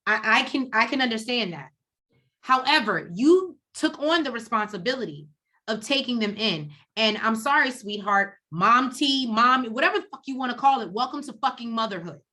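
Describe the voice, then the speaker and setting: A woman co-hosting a reality TV recap, talking in a blunt, profane, animated way and acting out quotes. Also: on the high side, normal speed. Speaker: co-host of a TV recap show. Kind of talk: casual reality TV recap chat.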